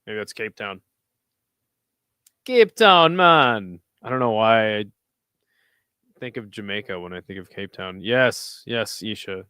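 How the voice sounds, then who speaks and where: A man's voice: fairly low pitch, expressive, takes it slowly, long pauses, bright, forceful tone, clean tone, no room sound. A young American man hosting a casual fight watch-along stream, answering chat with dry sarcasm. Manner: sarcastic, talks back to chat messages. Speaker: livestream host reading chat.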